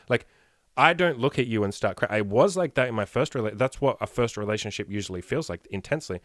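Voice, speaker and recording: A man's voice: fairly low pitch, fast talker, a bit bright, no echo, studio quality. A man in his thirties, a dating coach talking bluntly and profanely on a casual podcast, with emphatic rhetorical questions. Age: 30s.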